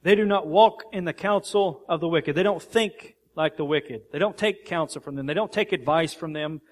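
Earnest male pastor preaching. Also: on the high side. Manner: earnest preaching, reads scripture aloud with slow emphasis. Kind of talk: sermon.

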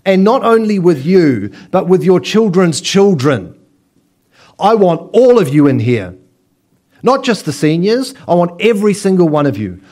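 God as a stern judge calling everyone to court, commanding, a pastor putting it on mid-sermon. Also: male voice, high-pitched, sing-song, measured pace, darkish tone, exaggerated voice.

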